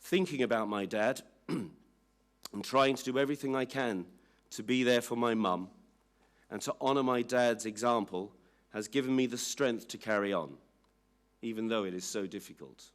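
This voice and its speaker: Guy reading out a statement at an inquiry, slow and measured, mid-pitch voice. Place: public inquiry hearing room.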